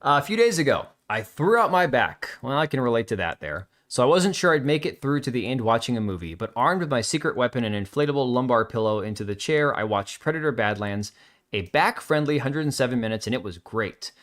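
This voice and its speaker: Man, livestream host, mid-pitched voice, casual commentary, blunt, sarcastic, reads comments aloud. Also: big pitch swings, brisk, fairly bright tone.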